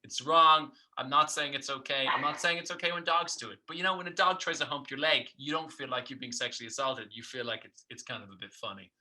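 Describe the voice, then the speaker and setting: A podcast co-host talks in a loose, rambling way, spinning silly tangents into comic bits. His voice is very bright and forward in tone. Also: mid-range voice, quick pace, few pauses. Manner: rambling, jokey, riffing on absurd bits. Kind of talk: casual comedic chat.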